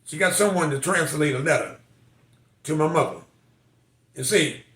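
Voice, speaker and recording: A man's voice: fairly high pitch, moderate pace, pauses often, fairly bright tone, roomy sound. An older man, a military veteran, telling personal stories in a folksy, emotional way. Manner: folksy, emotional storytelling with quoted voices. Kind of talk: personal storytelling.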